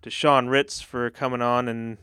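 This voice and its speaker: A young man hosting a casual podcast interview, talking in a relaxed and hesitant way with lots of fillers. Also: mid-range voice, measured pace, clear, resonant tone, dry recording, clean studio sound. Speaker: podcast host.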